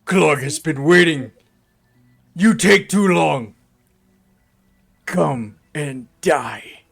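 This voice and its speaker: A man's voice: on the high side, expressive, drawn-out words, vocal fry, a bit bright, exaggerated voice. A man voicing a brutish, menacing bandit boss who speaks of himself in the third person during a tabletop game.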